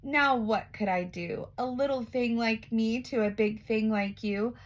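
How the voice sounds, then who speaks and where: A woman's voice: a little high, a little slow, lightly acted. A woman doing a cheeky little mouse. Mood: teasing. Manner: teasing, then scolding.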